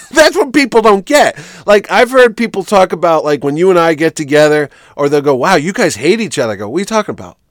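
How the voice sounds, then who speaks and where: A man's voice: sits high, very animated, a little fast, no echo, studio quality. A man in casual chat, talking animatedly with lots of restarts and repeated words.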